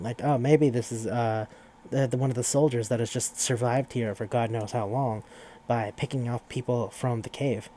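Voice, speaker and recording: A man giving a loose, rambling recap with a mellow, darker tone. His delivery is profane and casual, full of fillers and restarts. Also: mid-range voice. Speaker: podcast host.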